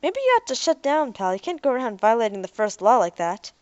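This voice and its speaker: A woman's voice: a little high, big pitch swings, brisk, darkish tone, dry recording, lo-fi sound. A woman doing a blunt, pushy young man. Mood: demanding. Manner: blunt, demanding.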